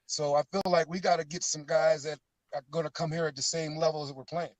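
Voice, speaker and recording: A middle-aged man, a former pro football player, chatting as a guest and telling stories, getting animated when he quotes teammates. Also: fairly high pitch, fairly quick, poor audio. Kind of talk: casual phone interview.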